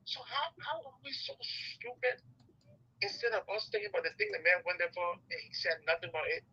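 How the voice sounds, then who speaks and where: Exasperated caller, bright husky voice. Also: male voice, sits high, animated, brisk. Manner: exasperated, venting. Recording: muffled phone line.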